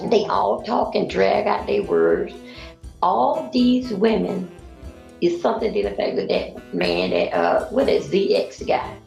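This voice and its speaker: A woman's voice: medium pitch, vocal fry, a little mellow, echoey room. A woman from Florida, rambling through casual commentary on a group call.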